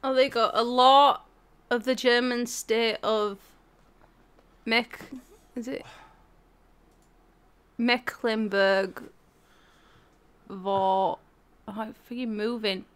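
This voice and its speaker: A woman's voice: a little high, steady tone, drawn-out words, long pauses, fairly bright tone, smooth. A British woman joining a casual stream chat, giggling and telling stories. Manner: giggly, storytelling. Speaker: co-host.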